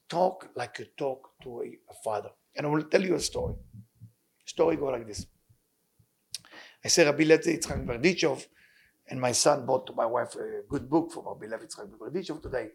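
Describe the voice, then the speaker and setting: A man's voice: mid-range voice, fairly quick, vocal fry, slightly rough. A man giving a sermon in English, earnest and emphatic, with phrases. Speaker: rabbi teaching.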